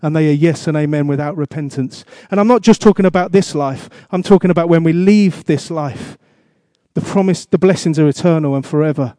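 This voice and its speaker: A man's voice: fairly high pitch, a little fast, dark tone, no room sound, studio quality. A man preaching a sermon as pastor, asking the congregation questions and repeating his exhortations.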